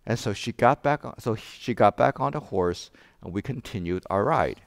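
A man preaching a sermon as pastor, telling a joke and then explaining scripture with animated rhetorical questions. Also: lowish voice, normal speed, vocal fry, dry recording. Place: church sanctuary.

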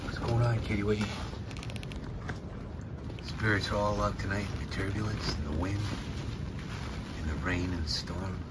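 A man's voice: on the low side, steady tone, normal speed, pauses often, heavy background noise. A man filming at his mountain home, chatting and teasing his cat in a casual way. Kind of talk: casual talk to a pet. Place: rural mountain home by a fire. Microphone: handheld camera.

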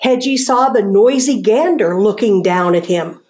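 A woman from a zoo staff reading a children's storybook aloud in a gentle, sing-song way, with hushed asides. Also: medium pitch, expressive, measured pace, noisy background.

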